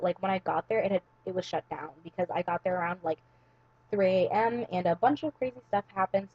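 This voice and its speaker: Young woman, vlogger, casual rambling story, breathy voice, slightly dull lo-fi sound. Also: medium pitch, a little mellow, dry recording. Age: young adult. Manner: rambling, heavy use of "like" and "um".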